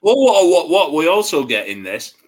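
A man co-hosting a chatty podcast, his pitch swinging lively up and down as he tells stories. He laughs often and keeps an animated, bantering tone. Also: moderate pace, husky. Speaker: podcast co-host. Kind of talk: casual chat.

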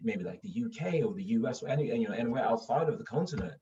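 A man from Sweden chatting casually in an animated way, often repeating himself and laughing through his stories. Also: mid-range voice, racing, a little hiss or hum. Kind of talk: casual conversation. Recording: distant, dull lo-fi mic.

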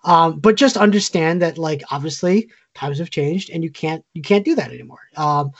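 A man's voice: fairly high pitch, moderate pace, dull audio. A man co-hosting a casual podcast chat, opinionated and talking with many fillers and restarts. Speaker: podcast co-host.

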